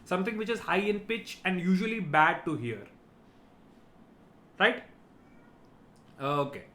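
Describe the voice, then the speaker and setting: A man's voice: high-pitched, sing-song, measured pace, bright, forceful tone. A man giving a vocabulary lesson, explaining each word and checking in with "right?". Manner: explanatory, repeats key words, ends points with "right?". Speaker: teacher.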